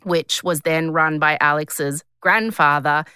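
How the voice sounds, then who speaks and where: Australian woman, 30s, chatty podcast host; fairly low voice, bright and crisp. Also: steady tone, slow, no room sound, clean studio sound. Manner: chatty, rambling, lots of filler words. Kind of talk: casual storytelling chat.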